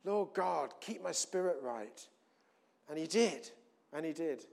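A man's voice: a little high, animated, takes it slowly, vocal fry. Chatty man preaching a sermon. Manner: conversational, with many restarts and swings between loud emphasis and quiet asides.

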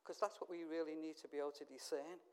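A middle-aged man from England preaching a sermon, telling stories and swinging from hushed asides to loud, emphatic calls. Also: fairly high pitch, steady tone, fast, smooth.

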